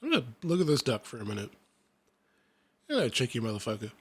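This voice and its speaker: A man's voice: mid-range voice, huge pitch swings, fairly quick, breathy edge. A man in his thirties reading a picture book aloud, breaking off into rambling, sweary, self-deprecating asides. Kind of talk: casual reading aloud with commentary.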